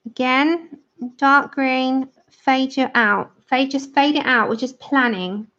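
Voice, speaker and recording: A woman's voice: high voice, takes it slowly, a bit bright, muffled recording. A woman with a London accent hosting a colouring livestream, chatting with viewers and talking them through each step as she works. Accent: London English.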